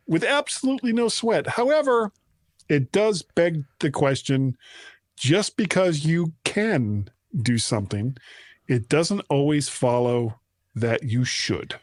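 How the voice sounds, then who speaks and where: A man's voice: mid-range voice, no room sound, clean studio sound. A man hosting a tech podcast, chatting casually with good humour and stumbling over his words. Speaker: podcast host. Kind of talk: casual chat.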